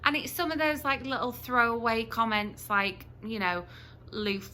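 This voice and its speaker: A woman's voice: a little high, moderate pace, sharp tone, a little hiss or hum. A woman from the UK chatting to camera as a book review vlogger, with frequent ums and restarts.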